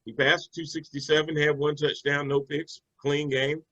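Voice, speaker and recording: Man, sports co-host, bright tone, easygoing and chatty, with fillers. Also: fairly high pitch, level tone, moderate pace, dull audio. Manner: conversational, loose with fillers and restarts. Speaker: sports talk show co-host. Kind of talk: casual sports analysis chat.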